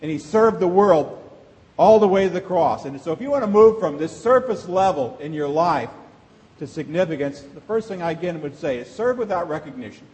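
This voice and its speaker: High-voiced man preaching in a reverberant church. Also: lively intonation, brisk, darkish tone. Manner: conversational preaching with rhetorical questions. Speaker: pastor. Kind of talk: sermon. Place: church sanctuary. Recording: long reverb of a large church hall.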